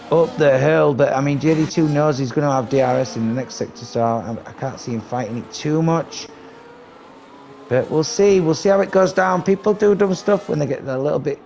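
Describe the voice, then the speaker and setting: A man giving casual, excitable live commentary on a sim racing league, chatty and swearing casually, with game noise behind him. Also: medium pitch, gravelly. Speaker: race commentator.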